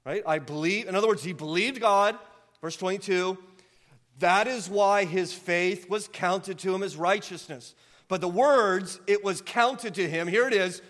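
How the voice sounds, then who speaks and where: A man preaching a sermon as pastor, impassioned and earnest, building to near-yelling and then softening. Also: high voice, unhurried.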